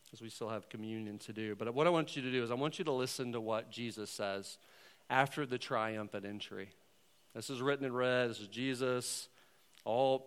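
A pastor preaching a sermon in a conversational, earnest way, swinging between loud emphasis and quiet asides. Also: male voice, mid-range voice, clear, resonant tone.

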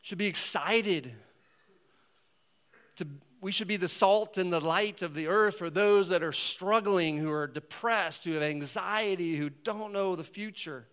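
A pastor preaching a sermon in a conversational, earnest way, swinging between loud emphasis and quiet asides. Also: male voice, sits high, measured pace, clear, resonant tone.

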